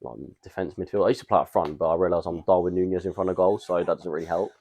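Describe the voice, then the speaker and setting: A young man tells a long, rambling story with plenty of slang. His voice sits low. The recording is dry and close, with no room sound. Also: fairly even intonation, rapid-fire, warm tone, dry recording. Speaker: podcast co-host. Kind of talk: casual storytelling chat.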